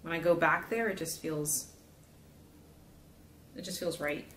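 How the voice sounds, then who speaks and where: Casting: young woman vlogger, rambly and chatty, lowish voice, echoey room with faint hiss. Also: a little slow, fairly bright tone. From South Florida. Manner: chatty, rambling, many fillers. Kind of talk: casual chat while building a gingerbread house.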